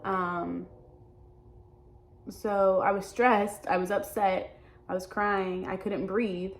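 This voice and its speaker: A young adult woman talking openly in a personal vlog, halting and hesitant, often restarting her sentences. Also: mid-range voice, level tone. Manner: earnest and open. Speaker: vlogger.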